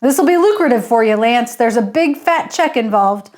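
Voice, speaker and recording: A woman's voice: fairly high pitch, expressive, moderate pace, natural voice. A woman reading aloud and voicing a pushy, boastful middle-aged male hotel owner who bellows orders. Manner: loud, bossy, bellowing. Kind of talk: audiobook character reading.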